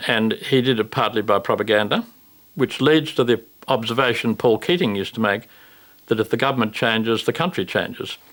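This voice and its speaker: A man giving deliberate, analytical commentary in a documentary interview. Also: medium pitch, fairly bright tone.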